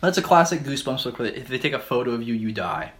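A man's voice: medium pitch, very animated, fast talker, fairly bright tone. Rambling man riffing with slurred speech. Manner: rambling, laughing through lines, slips into silly character voices. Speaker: podcast co-host. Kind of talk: comedic riffing on a made-up movie plot.

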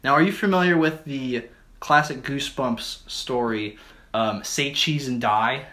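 A man riffs loosely through an invented film plot on a comedy podcast, his words running together in a slightly slurred way. His voice sits at an ordinary middle pitch, and he keeps breaking into laughter and goofy voices as he goes. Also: a little slow, sharp tone. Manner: rambling, laughing through lines, slips into silly character voices. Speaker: podcast co-host. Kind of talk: comedic riffing on a made-up movie plot.

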